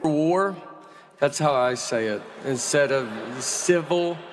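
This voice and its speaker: A man's voice: fairly high pitch, takes it slowly, noisy background. Chatty self-deprecating man on stage. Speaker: stand-up comedian. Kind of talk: stand-up comedy.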